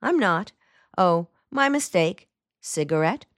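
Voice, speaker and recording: A woman's voice: lowish voice, lively intonation, slow, no room sound, clean studio sound. A woman voicing an earnest young male soldier who speaks in terse, clipped sentences.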